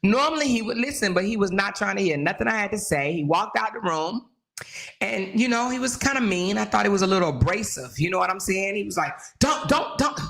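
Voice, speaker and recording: A woman talk-stream host with a bright, forceful tone and a medium pitch. She chats casually with her live audience. She laughs often and talks to them directly. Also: fast, creaky. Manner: animated, chatty, laughs often, addresses viewers directly. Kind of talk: casual gossip chat with live viewers.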